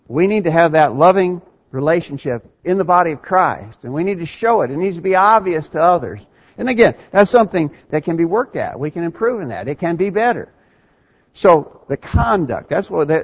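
A man with a fairly high voice preaches a sermon, reading scripture aloud and pressing his listeners with rhetorical questions. The recording is dull and lo-fi. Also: breathy edge.

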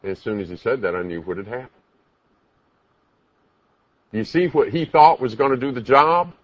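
A man's voice: mid-range voice, normal speed, no room sound, dull audio. A man preaching a sermon, emphatic, asking the congregation many rhetorical questions.

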